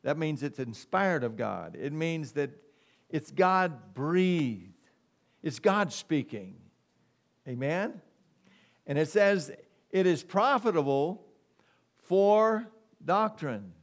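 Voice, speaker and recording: A middle-aged male pastor preaching in a slow, deliberate cadence, leaning on each phrase. His voice sits a little higher than most men's, and he keeps asking the congregation for an amen. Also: expressive. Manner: slow, emphatic preaching with call-and-response "amen". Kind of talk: preaching a sermon.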